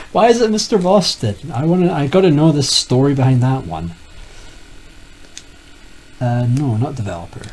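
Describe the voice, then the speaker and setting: Playing retro games on his YouTube channel, a young man keeps up a rambling, jokey commentary and mutters to himself. The recording is rough, and his voice runs on the high side.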